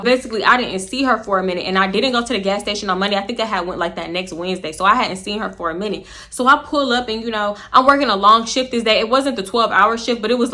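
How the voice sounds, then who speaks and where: A woman from Houston, telling a story to the camera. Her voice is bright and forward, and she jumps into high, loud quoted lines before dropping back low. She swears freely and laughs as she goes. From Houston, Texas. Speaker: storytime vlogger. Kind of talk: casual storytelling.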